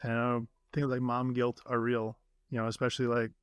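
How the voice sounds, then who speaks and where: A man's voice: medium pitch, completely flat delivery, fairly quick, clean tone, dry recording. A man hosting a podcast, talking earnestly with his guest in a casual interview. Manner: earnest, warm-hearted, many fillers. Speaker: podcast host.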